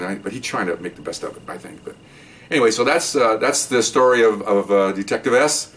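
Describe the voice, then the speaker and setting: A man's voice: medium pitch, lively intonation, quick pace. An older man, a retired police officer, casually telling a story and acting out the voices of the people in it.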